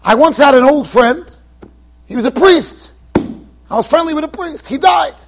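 A man acting out a mocking card-playing townsman who sets a humiliating dare, with taunting, drawn-out emphasis. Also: extremely high pitch, animated, background noise, pitched above the performer's own voice.

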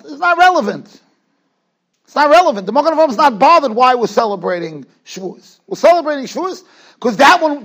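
New rabbi, very high and lively voice, emphatic lecture style, builds points by repeating himself. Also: male voice. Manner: emphatic, rises to near-shouts on key points; mixes Hebrew and Yiddish terms into English. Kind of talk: Torah lecture. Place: yeshiva study hall.

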